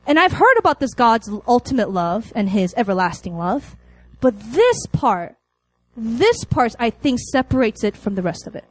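A woman's voice: a little high, very animated, moderate pace, poor audio. A young adult woman preaching a sermon to college students, telling a story with laughs and acted-out lines.

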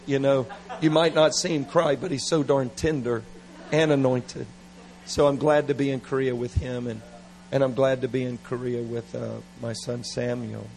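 Slow, gravelly man preaching. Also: mid-range voice, rough recording. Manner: animated, playful, laughing asides. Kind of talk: revival sermon.

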